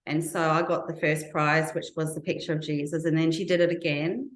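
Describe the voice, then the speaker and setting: A woman's voice: sits low, level tone, fairly quick, echoey room, poor audio. A woman as an interview guest, giving earnest, reflective personal testimony full of recalled detail.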